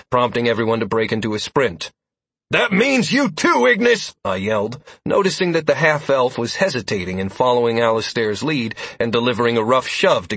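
A man narrating a fantasy adventure in first person, in a steady storytelling manner. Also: mid-range voice, breathy edge, dry recording. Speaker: audiobook narrator.

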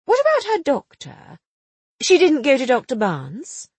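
A quick-witted young woman amateur sleuth, voiced by a woman reader talks in a chatty, teasing way, her pitch swinging widely and running a bit high. The voice is soft and breathy and close to the mic with a dry sound. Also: wildly swooping pitch, dry recording, exaggerated voice. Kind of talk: audiobook dialogue reading.

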